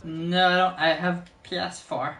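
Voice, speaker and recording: A man's voice: high-pitched, flat delivery, unhurried, vocal fry, pushed and bright. A man streaming a game, chatting casually, laughing often and breaking into silly voices. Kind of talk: casual chat while gaming. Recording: roomy echoey room.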